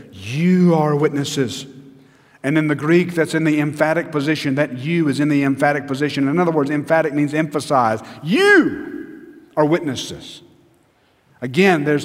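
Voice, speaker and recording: A man, preaching an earnest, emphatic sermon as a pastor in a church sanctuary. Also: a little high. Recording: long church reverb.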